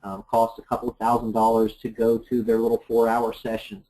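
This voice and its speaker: A man's voice: lowish voice, monotone, brisk, dark tone, rough recording. A man co-hosting a sales training class, chatty and agreeable, adding his own examples. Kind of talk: conversational class discussion.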